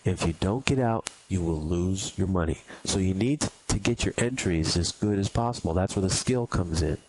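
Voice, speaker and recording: A trading instructor with a low-pitched male voice gives a recorded lesson at normal speed, blunt and emphatic, repeating his points to hammer them home. He acts out anxious beginners in mock quotes. Background noise is audible.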